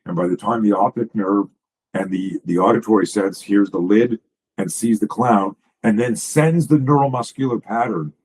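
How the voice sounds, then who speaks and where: A man's voice: lowish voice, moderate pace, a little mellow, a little hiss or hum, poor audio. A man, a self-defense coach, talking as a guest in a casual podcast conversation, emphatic and profane, piling up stories and restarting sentences.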